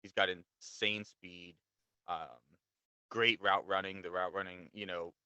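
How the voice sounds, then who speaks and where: Man, sports podcast co-host, very deep, smooth crisp voice, dry close sound. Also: steady tone, a little slow, bright, forceful tone, no room sound, lo-fi sound. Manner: laid-back, explains at length with fillers. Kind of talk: casual sports chat.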